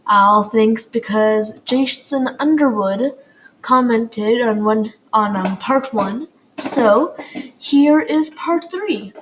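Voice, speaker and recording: A woman's voice: on the high side, takes it slowly. A woman reading an audiobook aloud, hesitant, with fillers and small slips, on a dull, lo-fi home recording with faint hiss. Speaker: audiobook reader. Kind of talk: amateur audiobook narration.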